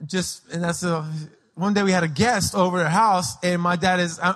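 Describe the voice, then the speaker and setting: A high-voiced man preaching from the pulpit, his bright, ringing tone carrying through a large hall with a long reverb tail. He tells childhood stories with animated energy, breaking into shouted voices of the people in them. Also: a little fast. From Peru. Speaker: pastor. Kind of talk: sermon with personal storytelling.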